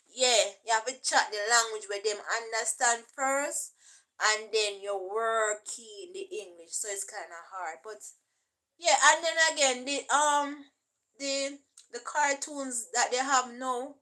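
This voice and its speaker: A young woman with a Jamaican accent talks casually to camera as a vlogger. Her voice is bright and forward and sits a little high. She explains step by step and keeps checking in with her listener. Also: rough recording. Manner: chatty, checks in often with "right?".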